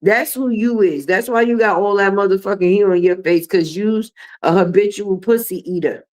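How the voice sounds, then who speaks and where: This middle-aged woman hosts a livestream, commenting and chatting with viewers in a blunt, profane, sassy manner. Her voice is medium in pitch and a little mellow, at a normal speed.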